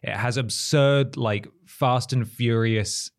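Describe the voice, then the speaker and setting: Man, podcast co-host, wry casual chat, mid-pitched voice. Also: fairly even intonation. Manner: chatty, wry, quick asides. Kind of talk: casual film review chat.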